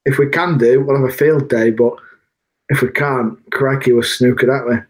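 A man's voice: mid-range voice, fairly even intonation, normal speed. Blunt, jokey bantering man. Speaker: podcast co-host. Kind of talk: casual football chat.

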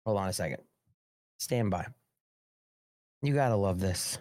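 A man's voice: low voice, lively intonation, a little slow, a little mellow, no echo, clean studio sound. A man hosting a casual live political show, rambling and sarcastic with frequent swearing. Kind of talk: casual live-stream commentary.

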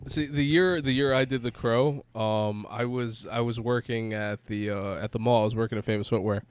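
Young guy chatting, smooth clear voice, dry sound, tells stories n laughs a lot. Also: mid-range voice, fairly even intonation, moderate pace, dry recording. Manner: rambling storyteller, laughs easily, mimics people in quotes. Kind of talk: casual chat.

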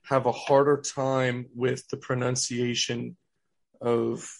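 A man's voice: mid-range voice, level tone, slow, vocal fry. A man from Louisiana with a Cajun accent, co-hosting a podcast and chatting casually and jokingly about a horror film. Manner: joking, laid-back. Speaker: podcast co-host. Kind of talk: casual movie chat.

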